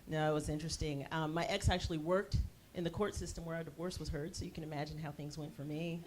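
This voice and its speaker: A woman, performing a stand-up set on a theater stage, with a brassy, punchy delivery that jumps suddenly loud. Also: on the low side, brisk, hardly any pauses, background noise. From United States. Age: 40s. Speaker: stand-up comedian.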